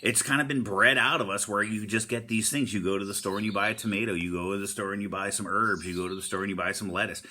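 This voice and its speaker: A man's voice: lowish voice, fairly even intonation, quick pace, hardly any pauses, pushed and bright. A man giving a casual, upbeat motivational talk, repeating himself often and using surfer slang like "stoked.". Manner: upbeat, encouraging, repetitive. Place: Hawaii.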